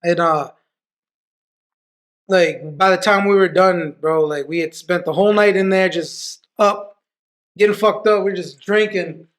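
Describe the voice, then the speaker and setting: A man's voice: high-pitched, fairly even intonation, unhurried, a bit bright. A man, a podcast guest, telling stories in a loose, profane way full of restarts. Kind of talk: casual storytelling.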